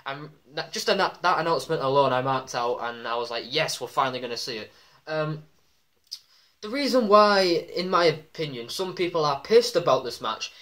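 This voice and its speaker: Man, slightly high voice, casual vlog commentary, excitable, lots of ums. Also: moderate pace. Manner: excitable, many ums, acts out quoted shouts. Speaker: wrestling vlogger.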